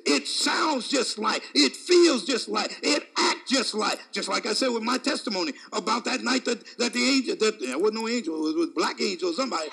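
A man preaching a sermon in a dramatic manner, swinging between shouts and hushed asides and chuckling often between phrases. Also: high voice, fairly quick, vocal fry, hardly any pauses.

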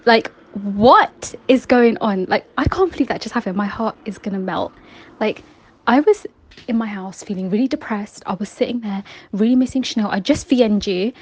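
A young woman telling an excited personal story, emotional and rambling with lots of "like". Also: mid-range voice, fairly quick, breathy edge, low-quality recording. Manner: breathless, rambling, full of "like". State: emotional, overwhelmed.

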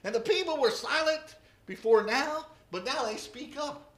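Preacher, sermon, humorous storytelling, lively pitch, roomy church echo. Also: normal speed.

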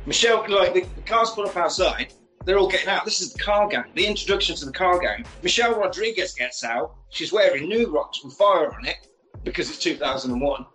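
A man's voice: high-pitched, lively intonation, a little fast, pushed and bright, soft background music, poor audio. A man hosting a podcast, animatedly retelling a film plot for laughs. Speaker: podcast co-host. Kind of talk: comic film recap.

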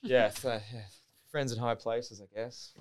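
Laid-back young Australian man, smooth voice. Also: medium pitch, fairly even intonation, a little slow. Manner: loose, swears often, heavy use of "like". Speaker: podcast guest, Olympic diver. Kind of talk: casual storytelling chat.

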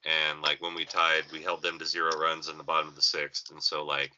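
A man chatting casually on a video call, joking and swearing, with an animated way of talking. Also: rumbling low, a little fast, lo-fi sound, slight background noise. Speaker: co-host, baseball coach. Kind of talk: casual chat.

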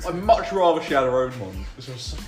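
A man's voice: mid-range voice, sing-song, fairly quick. A man rants about a coworker in casual banter, swearing often. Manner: swearing, ranting complaint. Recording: echoey room with music behind.

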